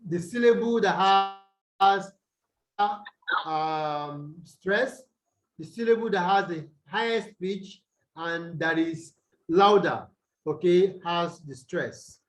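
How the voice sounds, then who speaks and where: A man tutoring English pronunciation over a video call, asking questions and answering them himself, and repeating words slowly to show where the stress falls. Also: high voice, rough recording. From Nigeria. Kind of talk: online tutorial lesson.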